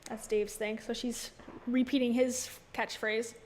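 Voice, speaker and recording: A woman's voice: a little high, little pitch movement, a little slow, darkish tone, a little hiss or hum. A woman giving casual, sarcastic, playful commentary as a YouTuber.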